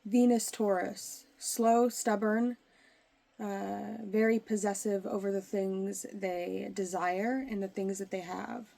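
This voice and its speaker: A woman's voice: mid-range voice, fairly even intonation, slow pace, creaky, dark tone. A woman with a mid-range voice gives a casual tarot reading to camera. She explains in a loose, rambling way, often stopping and restarting her sentences. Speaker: tarot reader.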